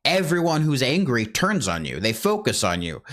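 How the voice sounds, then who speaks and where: A man's voice: medium pitch, wildly swooping pitch, moderate pace, fairly bright tone. A man with a middling voice talks in a casual chat. He explains his ideas in a thoughtful, reflective way, with many small restarts. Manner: reflective, explanatory, repeats words while thinking.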